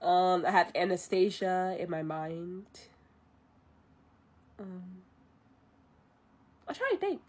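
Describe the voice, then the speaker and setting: A woman vtuber retelling a movie on a live stream, chatty and animated with frequent laughs. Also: fairly low pitch, takes it slowly, long pauses.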